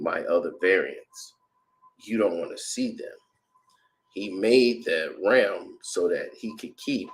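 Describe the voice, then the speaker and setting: Deep-voiced man rambling about a trailer. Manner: rambling, speculative, conversational with many fillers. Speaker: movie trailer reviewer. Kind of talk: casual commentary.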